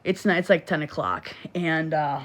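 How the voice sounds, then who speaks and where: A woman's voice: low-pitched, normal speed, slight background noise. A woman on a phone livestream from her bed, lecturing and scolding in a preachy, repetitive way. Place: bedroom, in bed.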